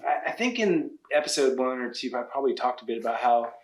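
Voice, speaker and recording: A man hosting a podcast, telling stories in halting, restarting sentences. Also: medium pitch, lively intonation, slight background noise. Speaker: podcast host, publisher. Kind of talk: casual podcast chat. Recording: echoey room.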